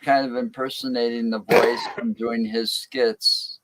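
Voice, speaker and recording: A man's voice: mid-range voice, flat delivery, unhurried, noisy background. A man on a podcast casually telling anecdotes. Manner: anecdotal storytelling.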